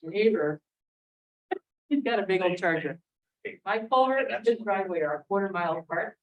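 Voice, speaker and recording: A woman's voice: medium pitch, expressive, moderate pace. A woman at a county committee meeting, talking casually and telling anecdotes. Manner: chatty, tells anecdotes with quoted asides. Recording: distant mic, dull lo-fi sound.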